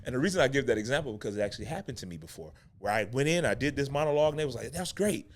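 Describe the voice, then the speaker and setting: Animated male acting coach. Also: mid-range voice, rapid-fire, a little hiss or hum. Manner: animated and conversational, repeats key phrases, restarts sentences; laughs between points. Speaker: acting coach and show host. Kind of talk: casual spoken teaching monologue.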